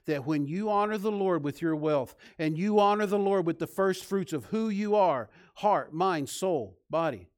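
Emphatic preaching pastor, higher voice. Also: male voice, animated, normal speed, few pauses. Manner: preaching with call-and-response questions to the congregation; swings between loud emphatic lines and soft low endings. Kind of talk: sermon. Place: church sanctuary.

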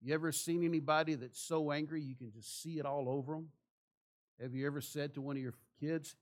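A man's voice: a little high, steady tone, brisk. A man preaching a sermon in church, asking the congregation rhetorical questions. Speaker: pastor.

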